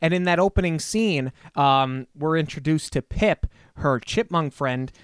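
A man casually discussing a movie as a podcast co-host, chatty and animated with frequent fillers. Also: fairly high pitch, unhurried, clean tone, dry recording, studio quality.

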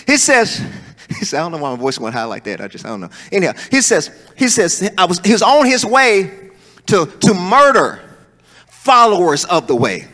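A male preacher, preaching a sermon and swinging between soaring calls and low, joking asides. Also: big pitch swings, normal speed, pushed and bright. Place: church hall. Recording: long hall reverb.

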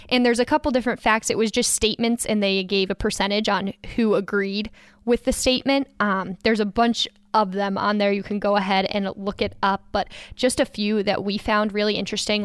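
Clear-voiced woman, chatty podcast co-host. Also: medium pitch, no room sound, studio quality. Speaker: youth ministry podcast co-host. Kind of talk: casual podcast discussion.

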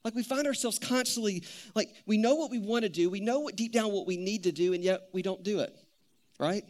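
A man in his thirties preaching a sermon, telling stories in an animated, conversational way. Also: high-pitched, brisk. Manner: animated storytelling, conversational with many "like"s. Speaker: pastor.

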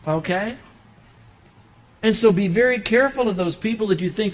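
Male pastor, somewhat high voice, emphatic sermon delivery, big loud peaks, hushed prayer passages. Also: normal speed, low-quality recording. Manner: emphatic preaching with sudden loud bursts and soft low closing prayer. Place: church.

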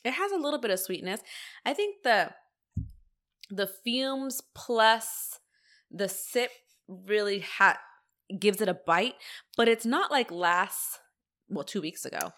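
Woman co-host, playful teasing banter, bright tone, quick reactions. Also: mid-range voice, lively intonation. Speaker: podcast co-host. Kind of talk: casual chat, whiskey tasting.

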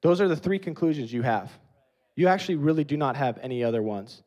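A man preaching a sermon, emphatic, swinging between loud stressed phrases and quiet low passages. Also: animated, fast.

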